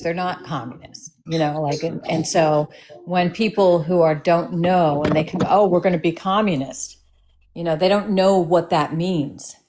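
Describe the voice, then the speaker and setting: This middle-aged woman, a participant in an informal online discussion, has a lowish, darkish voice. She speaks tentatively and often asks whether she's understood correctly.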